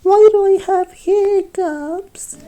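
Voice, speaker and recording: A woman voicing a squeaky, panicky cartoon character with high, fretful exclamations. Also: slow, warm tone.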